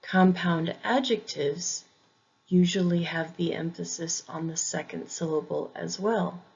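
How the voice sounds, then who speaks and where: Slow husky lady teacher, a bit gravelly, says every example word twice. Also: lowish voice, fairly even intonation, a little mellow, dull audio. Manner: repeats each example word twice, deliberate. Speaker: English pronunciation teacher. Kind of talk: slow scripted pronunciation lesson.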